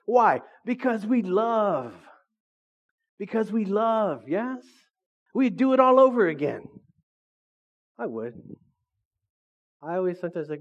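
A man's voice: high-pitched, sing-song, takes it slowly, long pauses. A middle-aged man preaching a sermon as pastor, joking and calling for answers from the congregation. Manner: joking, call-and-response with the congregation. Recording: dull lo-fi recording.

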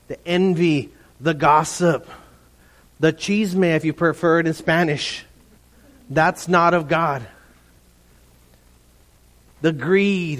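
High-voiced lively male pastor. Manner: animated, playful, mimics voices, talks to congregation. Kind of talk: lively sermon.

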